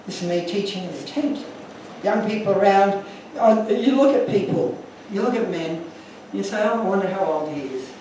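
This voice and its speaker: A man's voice: sits high, expressive, normal speed, hardly any pauses, mellow, very echoey, distant mic, slight background noise, low-quality recording. A man giving an earnest, emotional talk to an audience, telling stories from his slides. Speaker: guest speaker.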